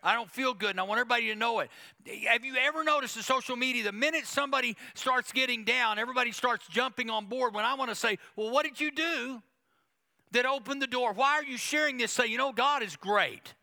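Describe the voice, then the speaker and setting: Male pastor, sermon delivery, gravelly edge, emphatic and repetitive. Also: very high-pitched, fast, pushed and bright. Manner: emphatic preaching with quoted asides and repetition.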